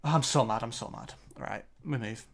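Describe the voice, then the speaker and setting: A man's voice: mid-range voice, moderate pace, vocal fry. A man giving live commentary on his own competitive game, frustrated and self-critical. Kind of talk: live-streamed match commentary.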